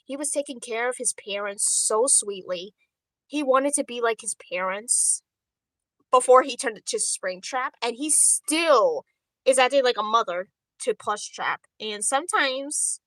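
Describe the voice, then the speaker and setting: A woman hosting a casual livestream chat, telling a rambling, animated story. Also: on the high side, no room sound, poor audio. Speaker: livestream host.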